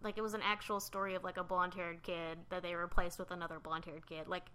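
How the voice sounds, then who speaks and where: A woman's voice: fairly low pitch, little pitch movement, fast, bright, forceful tone, clear, resonant tone. A woman co-hosting a podcast, telling a story in casual chat with many "like" fillers. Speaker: podcast co-host.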